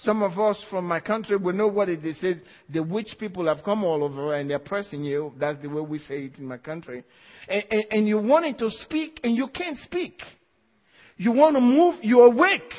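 A man with a high, animated voice preaches to a congregation a little quickly, hammering home his key phrases and slipping small laughs between points. He's in a church hall, and the recording is dull and lo-fi with a long hall reverb.

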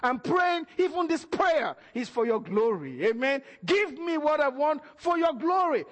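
A man preaching a sermon, calling out to the congregation and shouting at the peaks while acting out the voices he quotes. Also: very high voice, big pitch swings, unhurried, few pauses. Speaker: pastor. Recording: church hall reverb.

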